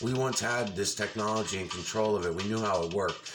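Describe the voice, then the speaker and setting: A man's voice: on the low side, a little fast. A man giving a casual, ranting commentary over a video, insistent and full of swearing. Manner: angry, profane, ranting; insistent, repeats himself.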